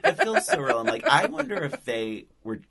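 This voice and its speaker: A woman's voice: very deep voice, loud music behind the voice. A woman co-hosting a podcast, chatting casually about a film, laughing often and acting out its lines. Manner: excited, quick to laugh, acts out movie lines. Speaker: podcast co-host. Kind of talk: casual chat.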